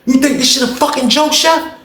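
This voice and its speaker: Guy putting on an angry cursing dude, pitched way up, roomy echo. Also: brisk, lightly acted. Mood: furious. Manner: shouting, cursing, accusing. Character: angry young white man demanding his vegetables back.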